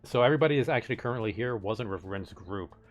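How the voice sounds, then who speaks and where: A man's voice: lowish voice, expressive, faint music behind. Man running a tabletop game. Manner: halting, with many fillers and restarts. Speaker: game master.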